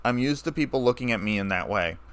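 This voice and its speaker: A man reading a story aloud, playing a scarred, weary ex-soldier who speaks in a low, flat, calm way. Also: fast talker, smooth, close to an everyday voice.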